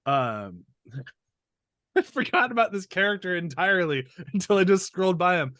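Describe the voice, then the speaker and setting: A man's voice: sits high, very animated, normal speed, fairly bright tone, no echo. Man hosting a podcast, dry close sound. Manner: joking, rambling, laughs often. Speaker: podcast host. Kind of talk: casual podcast chat.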